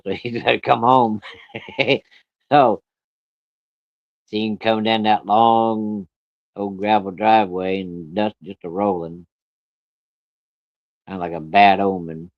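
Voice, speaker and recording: A man telling a true story in a folksy, rough-spoken way, chuckling as he goes. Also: fairly low pitch, steady tone, slow pace, pauses often, dry recording, highs cut off.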